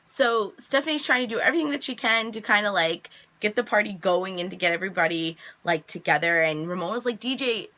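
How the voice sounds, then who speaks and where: A young woman casually recapping a TV episode, chatty and animated, jumping high in pitch when she quotes the characters. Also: quick pace, few pauses. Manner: chatty, animated quoting with big pitch jumps. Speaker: reaction vlogger recapping an episode.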